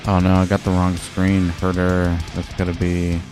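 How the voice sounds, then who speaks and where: A man's voice: low voice, monotone, moderate pace, over music. A man chatting casually and rambling on his livestream, swearing now and then. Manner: laid-back, swears, rambling asides. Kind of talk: casual stream chat.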